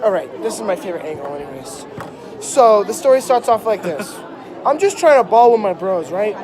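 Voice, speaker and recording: A man's voice: high voice, sing-song, fairly quick, a little mellow. Mock-dramatic young man telling a story. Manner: exaggerated, mock-dramatic, rambling asides. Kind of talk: comedic storytelling to an audience. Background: crowd, laughter.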